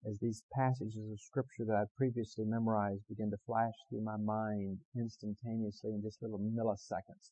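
A man's voice: on the low side, muffled recording. Impassioned male preacher. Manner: builds from calm storytelling to loud impassioned preaching; repeats phrases for emphasis. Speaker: pastor. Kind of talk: sermon.

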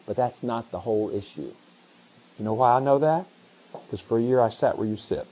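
A middle-aged man preaching a sermon as pastor, animated, pushing up into emphatic questions. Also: on the high side, slightly rough, low-quality recording.

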